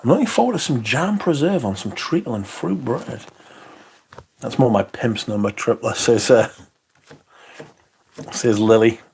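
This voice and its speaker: A man in the middle of his usual pitch range hosts a relaxed livestream. He rambles from one viewer comment to the next, chuckles often and swears freely. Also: a little slow, pauses often, a little hiss or hum. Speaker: livestream host. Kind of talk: casual chat reading viewer comments.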